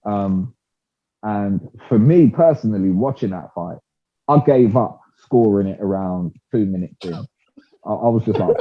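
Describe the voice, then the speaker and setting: A man's voice: fairly low pitch, a little slow. Man, slangy fight-talk chat. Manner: slangy, animated, peppers speech with "bruv". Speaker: podcast co-host. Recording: muffled phone-like audio.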